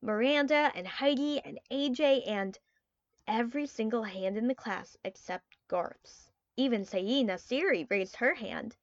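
A woman narrating a children's book in an expressive storytelling style. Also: fairly high pitch, unhurried, no echo, muffled recording. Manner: expressive storytelling with quoted character lines. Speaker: audiobook narrator. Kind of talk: scripted narration.

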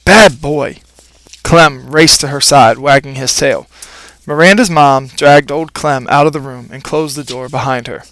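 A man reading a children's storybook aloud in a playful, expressive first-person narration. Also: medium pitch, moderate pace. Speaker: audiobook narrator.

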